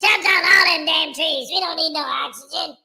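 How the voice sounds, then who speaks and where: Voodoo doll, very high, piercing bright, gravelly, rowdy sing-song cheek. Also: male voice, normal speed, heavily acted.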